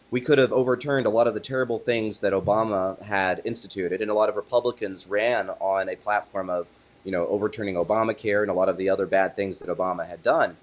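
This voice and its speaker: A man, an attorney, giving a political interview in an emphatic, argumentative way. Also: fairly low pitch. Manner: emphatic, builds to forceful punchlines.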